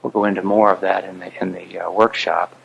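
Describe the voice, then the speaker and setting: A man's voice: low voice, level tone, brisk, gravelly, husky, highs cut off. A man giving an earnest, emphatic public talk to an audience as an author and speaker.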